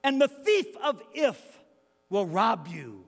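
A male preacher telling a story in his sermon, very animated, swinging from hushed tones to shouting and stammering for comic effect. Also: high voice, slow pace, in a large hall.

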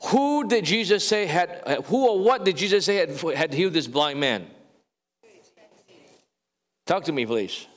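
A male pastor delivers a lively sermon in a high voice, speaking straight to his congregation with restarts and fillers. He slows to stretch out key words and swells in volume on the emphatic parts. The sound carries a long reverb from the church sanctuary. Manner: animated preaching, often stretching words and crying out louder.

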